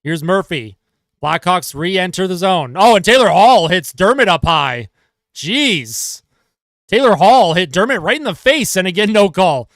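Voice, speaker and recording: A man doing live play-by-play as a fan of his team, calling the action quickly and growing exasperated and sarcastic at their mistakes. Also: sits high, lively intonation, fairly bright tone, dry recording, clean studio sound.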